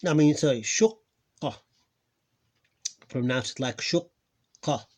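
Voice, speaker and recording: A man who is losing his voice, teaching a pronunciation lesson. He talks haltingly, repeats words and drills sounds slowly, clearing his throat now and then. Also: mid-range voice. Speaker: Arabic teacher. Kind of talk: live online lesson.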